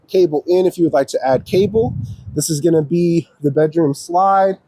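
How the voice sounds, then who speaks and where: Man, RV walkthrough, slightly high voice, mellow tone, dry close sound, steady step-by-step explaining. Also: moderate pace, no echo. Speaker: RV dealership salesperson giving a walkthrough. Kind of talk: casual walkthrough demonstration. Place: outdoors around an RV, then inside it.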